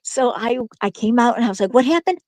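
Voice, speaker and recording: Woman, middle-aged, casual storytelling, laughs a lot, halting restarts, dry close recording. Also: a little high, steady tone, a little mellow, no room sound, low-quality recording. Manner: chatty, laughs often, lots of restarts.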